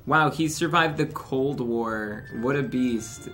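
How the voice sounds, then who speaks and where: A young man gives casual livestream commentary in a rambling, profane way and laughs at his own jokes. His voice sits at an ordinary middle pitch. Game music plays clearly behind him. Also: slow. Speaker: streamer.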